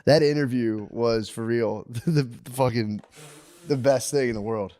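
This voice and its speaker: A man co-hosting a podcast in a lively, joking way, laughing often and calling everyone dude. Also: medium pitch, unhurried. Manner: laughs often, animated, says dude a lot. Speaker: podcast co-host. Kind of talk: casual crude banter.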